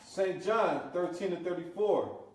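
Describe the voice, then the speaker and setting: A man in a class reading a scripture passage aloud at a steady pace. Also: high voice, measured pace. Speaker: scripture reader. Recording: distant voice in echoey room.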